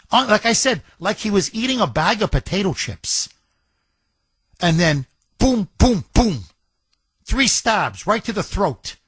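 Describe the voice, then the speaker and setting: A man's voice: high-pitched, fairly bright tone, husky, no echo. A man hosting a talk radio show, speaking in an impassioned, emphatic monologue and repeating phrases for effect. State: recovering from broken ribs.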